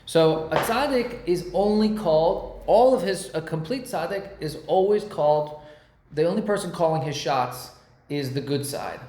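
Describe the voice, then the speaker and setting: A man teaching a casual Torah class, lively and slangy, explaining ideas through pop-culture comparisons. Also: on the high side, moderate pace, reverberant, slight background noise.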